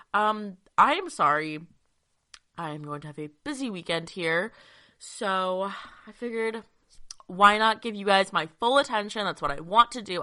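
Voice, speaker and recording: A young woman hosting a sports podcast from her childhood bedroom, chatty and excitable with lots of fillers, a little out of breath. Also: medium pitch. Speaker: podcast host. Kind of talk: casual sports podcast monologue.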